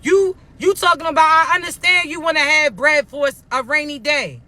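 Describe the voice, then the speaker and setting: A man preaches tough-love encouragement in a very high voice. His talk is bright and blunt, and it is full of profanity and repeated warnings that he is not playing. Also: moderate pace. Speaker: spiritual motivational speaker. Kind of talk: preachy motivational monologue to viewers.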